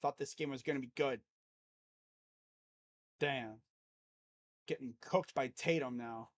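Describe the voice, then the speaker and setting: A man giving casual live play-by-play reaction to a basketball game, jumping between loud excited calls and low muttered grumbling as a rambling fan. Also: takes it slowly. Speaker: sports YouTuber doing live play-by-play.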